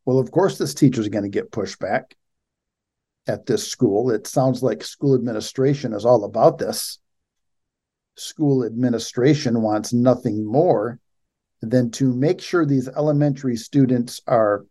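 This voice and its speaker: A man's voice: medium pitch, unhurried, warm tone. A man hosting a show, reading out a news article and mocking it with sarcastic commentary. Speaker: show host.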